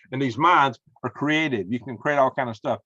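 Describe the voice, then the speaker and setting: A man's voice: medium pitch, normal speed, sharp tone, no echo, lo-fi sound. A man with a Southern American accent, hosting a casual conversation in a folksy, emphatic storytelling manner. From Southern United States. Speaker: podcast host.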